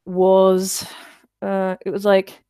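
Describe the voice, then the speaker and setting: A woman's voice: medium pitch, monotone, drawn-out words, mellow, clean tone. A woman hosting a casual livestream, chatting and rambling as she answers viewer comments, with wry self-deprecating asides.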